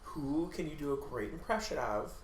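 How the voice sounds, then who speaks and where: A man's voice: a little high, expressive, normal speed. A man co-hosting a podcast, chatting casually with campy, teasing, profane banter. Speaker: podcast co-host. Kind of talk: casual chat. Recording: echoey room with faint hiss.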